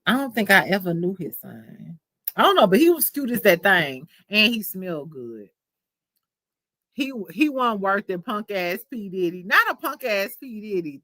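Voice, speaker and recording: A young adult woman hosting a casual livestream chat, telling stories in a candid, profane, animated way. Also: medium pitch, no room sound. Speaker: livestream host.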